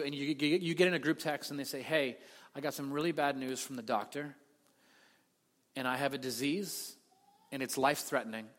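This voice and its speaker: A high-pitched man delivers a sermon as a pastor, narrating a story with animated energy and acting out the voices of those he quotes. The recording carries a long hall reverb.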